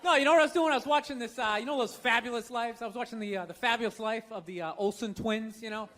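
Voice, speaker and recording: A man's voice: extremely high pitch, fast talker. A man from the United States doing a stand-up routine, sarcastic and profane, with mock glee at others' bad luck. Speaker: stand-up comedian. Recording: live set, loud crowd noise.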